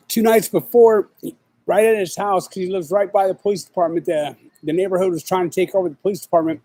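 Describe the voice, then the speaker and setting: With a high-pitched but dark voice, this middle-aged podcast host keeps a steady tone at a moderate pace, recorded roughly with no room sound. He rambles casually through a livestream chat on his own show, talking in profane street slang packed with fillers.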